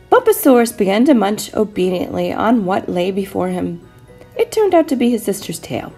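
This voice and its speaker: Animated woman reading a picture book. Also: mid-range voice, normal speed, slightly rough, soft background music. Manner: expressive, animated storytelling. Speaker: teacher.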